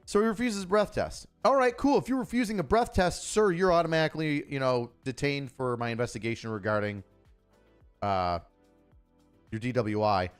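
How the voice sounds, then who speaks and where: A man's voice: mid-range voice, moderate pace, smooth, faint music behind. A man from Buffalo, a former cop giving casual, profane livestream commentary and telling stories in a blunt way. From Buffalo, New York. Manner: blunt, profane, storytelling with acted dialogue. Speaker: retired police officer commentating news.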